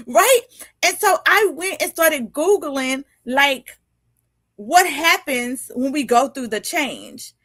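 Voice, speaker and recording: A lively woman in her fifties talks straight to her viewers in a casual live chat. Her voice sits fairly high and sounds dry, with no room around it. She laughs easily and slips into little acted-out dialogues. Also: takes it slowly, long pauses, dry recording. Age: 50s. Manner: animated and chatty, laughing often and acting out little dialogues. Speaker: podcast host and life coach.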